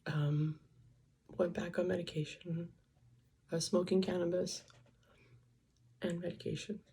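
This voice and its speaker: A woman's voice: on the low side, level tone, unhurried, warm tone, a little hiss or hum. An older woman vlogging, speaking in an emotional, tearful and confiding way as she cries. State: crying. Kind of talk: personal vlog.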